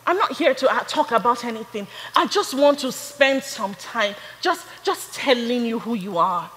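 A young adult woman preaching a sermon, building from storytelling to fervent, shouted praise. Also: a little high, lively intonation, normal speed, big-room sound, poor audio.

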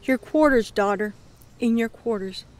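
Woman reading the part of a gentle divine man, hushed, soft, low, fairly high voice. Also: unhurried, natural voice. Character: Jesus, gentle divine male voice speaking to a believer.

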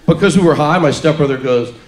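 A man's voice: a little high, fast talker, darkish tone. A man performing a live stand-up set in a comedy club, telling stories with mock-earnest delivery and acting out the people in them. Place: comedy club stage before a laughing audience. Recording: echoey live club with crowd noise.

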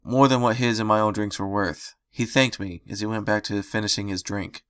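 A man reading fan fiction aloud as first-person narration, in a steady storytelling way on a close, dry microphone. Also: fairly low pitch, fairly quick, smooth, no room sound.

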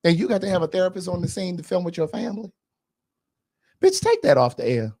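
A man's voice: high voice, wildly swooping pitch, quick pace, darkish tone. A man hosting a podcast, giving blunt, sassy, gossipy commentary in a casual chat. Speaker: podcast host.

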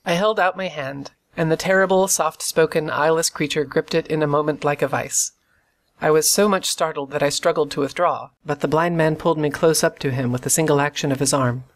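Steady audiobook narrator, classic novel reading. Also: mid-range voice, a little fast. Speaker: audiobook reader.

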